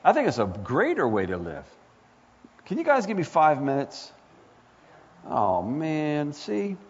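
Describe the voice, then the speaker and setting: Impassioned husky preacher in a hall. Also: male voice, on the high side, huge pitch swings, measured pace. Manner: impassioned, rising to near-shouts, rhetorical questions. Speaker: pastor. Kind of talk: sermon. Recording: echoey hall, dull lo-fi sound.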